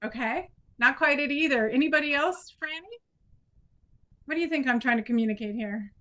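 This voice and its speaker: A woman's voice: sits high, brisk, sharp tone. A woman instructor leading an improv exercise in a training workshop, encouraging and conversational. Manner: encouraging, conversational, with playful demonstrations.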